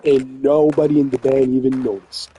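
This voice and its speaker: A man's voice: medium pitch, little pitch movement, moderate pace, warm tone, slight background noise, low-quality recording. A man from New Brunswick, Canada, telling a rambling, profane story in casual chat and laughing often. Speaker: gaming vlogger telling a story.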